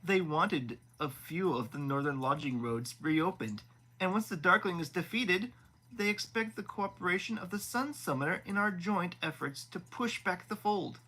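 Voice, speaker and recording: A man's voice: high voice, expressive, moderate pace, bright, forceful tone, husky, voice pushed up, full character voice, low-quality recording. A man voicing a smug, boastful elder prince in a live audiobook reading, talking pompously. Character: smug proud elder prince, male adult.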